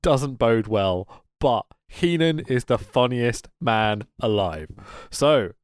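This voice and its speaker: A man's voice: medium pitch, lively intonation, slow pace, smooth, dry recording. A man co-hosting a casual wrestling podcast, laughing often and telling stories with lots of expression. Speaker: podcast co-host. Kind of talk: casual chat reviewing wrestling.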